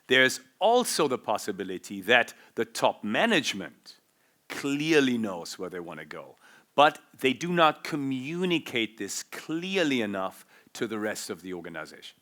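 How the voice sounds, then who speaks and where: A male speaker at a business forum explains his points with lively examples. His voice is bright and forceful. He sits at a medium pitch. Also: normal speed. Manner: animated, explanatory, uses vivid examples. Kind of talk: conference talk.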